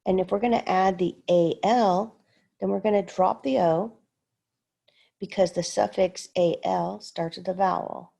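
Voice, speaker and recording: A woman's voice: mid-range voice, steady tone, measured pace, vocal fry, warm tone, slightly rough. A woman teaching a recorded lesson, carefully sounding out words syllable by syllable. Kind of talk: slow recorded lesson walkthrough.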